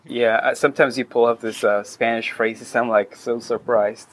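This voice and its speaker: A man's voice: medium pitch, little pitch movement, moderate pace, rough recording. Rambling man guest, faint hiss. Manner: rambling, many fillers and restarts. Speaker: podcast guest. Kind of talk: casual interview chat.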